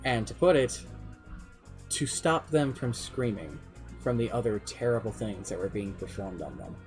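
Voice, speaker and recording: A man streaming live as game master, telling the story of his campaign in a casual, animated way with some swearing. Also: fairly low pitch, moderate pace, over music. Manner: animated, swearing, shifts pace often. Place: home streaming setup.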